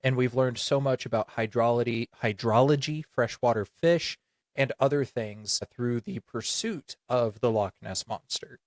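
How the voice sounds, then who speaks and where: A man's voice: medium pitch, moderate pace, no echo. A man co-hosting a podcast in casual chat, rambling through explanations with lots of filler words. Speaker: podcast co-host.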